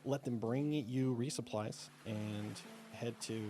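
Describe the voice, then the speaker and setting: A man running a tabletop game as game master, narrating in a relaxed, descriptive way. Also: mid-range voice, takes it slowly. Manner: relaxed, descriptive, many fillers.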